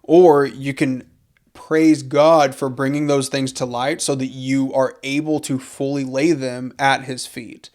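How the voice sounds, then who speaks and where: A young podcast co-host speaks earnestly and reflectively about faith in a casual conversation, repeating phrases for emphasis. His medium-pitched voice has a darkish tone and little pitch movement, at a measured pace.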